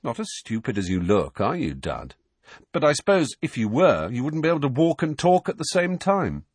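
A man voicing a defiant, sharp-tongued teenage boy who mocks his cousin. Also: medium pitch, huge pitch swings, normal speed, husky, dry recording, pitched above the performer's own voice. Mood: sarcastic. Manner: mocking, sarcastic.

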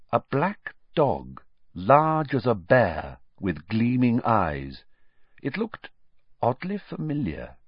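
A man reading a storybook aloud as narrator, measured and expressive. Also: on the low side, no echo, muffled recording. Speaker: audiobook narrator.

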